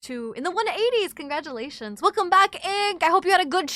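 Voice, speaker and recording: Bright high-voiced woman streamer, chatty. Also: lively intonation, fairly quick, few pauses, dry recording, clean studio sound. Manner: chatty, swears freely, reads chat aloud. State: a bit sick. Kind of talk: casual live-stream chat.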